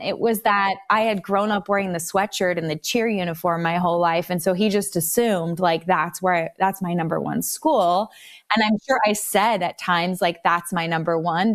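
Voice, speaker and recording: A woman in her thirties hosting a podcast, talking casually and thinking aloud with many fillers. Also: mid-range voice. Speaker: podcast host.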